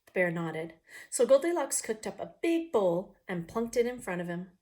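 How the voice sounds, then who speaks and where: A woman's voice: medium pitch, big pitch swings, a little mellow. Woman reading storybooks to kids, with questions to the viewer. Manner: pauses to ask the viewer questions. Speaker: picture book reader. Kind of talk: reading a picture book aloud.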